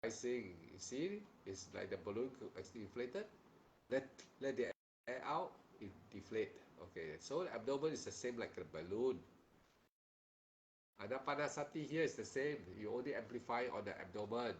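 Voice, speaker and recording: A male meditation teacher giving a dharma talk in a firm, scolding way. His voice sits at an ordinary middle pitch. He says phrases over and over, tags his points with a questioning "huh?", and a faint hiss runs under the recording. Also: animated, normal speed, poor audio. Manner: stern and admonishing, with frequent tag questions like "huh?"; repeats phrases and restarts sentences in plain, simple wording.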